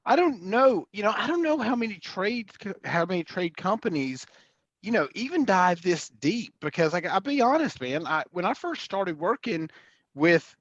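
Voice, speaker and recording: A man's voice: sits high, big pitch swings, normal speed, fairly bright tone, dry recording. A man hosting a casual interview, eager and enthusiastic, often restarting his sentences. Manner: enthusiastic, many fillers and restarts. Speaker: host and sales coach. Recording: muffled lo-fi audio.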